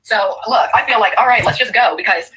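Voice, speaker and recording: A woman's voice: mid-range voice, fairly quick, bright, forceful tone, low-quality recording. A woman giving indignant reaction commentary on a stream clip, lecturing the viewers.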